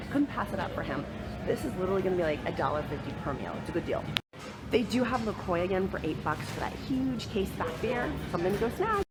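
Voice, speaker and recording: A woman chatting casually to viewers in an upbeat shopping haul vlog, a little sick. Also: lowish voice. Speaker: vlogger.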